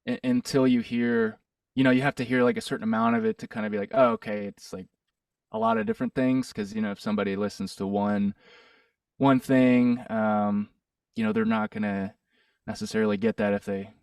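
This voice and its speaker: A man's voice: medium pitch, creaky, darkish tone, clean tone, no room sound, distant mic. A man from Pittsburgh, a musician guest, chatting casually in an interview, rambling and hesitant with lots of fillers and restarts. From Pittsburgh, USA.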